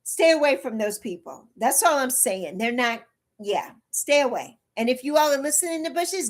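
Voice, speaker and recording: Woman, 60s, high voice, blunt, emphatic, casual livestream chat. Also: expressive, normal speed. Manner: blunt, emphatic, repeats herself, reads and answers chat. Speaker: livestream host.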